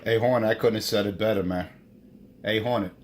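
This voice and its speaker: A man's voice: on the low side, fairly even intonation, very noisy. A man chatting over CB radio, repeating himself and tacking "man" onto his lines. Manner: drawn-out, repetitive, ends lines with "man". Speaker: CB radio operator. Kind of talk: on-air CB radio banter.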